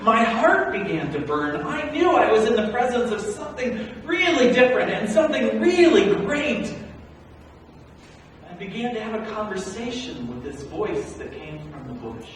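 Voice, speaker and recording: A male pastor preaching a sermon as a first-person Bible story, animated and swinging from hushed to loud. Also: extremely high pitch, a little hiss or hum. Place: large church sanctuary. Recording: echoey hall, recorded from far off.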